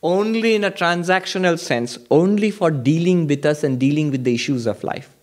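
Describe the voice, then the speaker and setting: A man's voice: a little high, normal speed, a little mellow. A monk giving a spiritual lecture at a meditation retreat, emphatic and repeating his points with rhetorical questions. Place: retreat hall before an audience.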